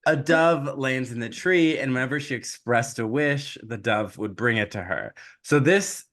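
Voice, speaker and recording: A man's voice: mid-range voice, normal speed, fairly bright tone. A man hosting a podcast, casually retelling a fairy tale with jokes and lots of fillers. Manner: jokey, casual, many fillers. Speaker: podcast host.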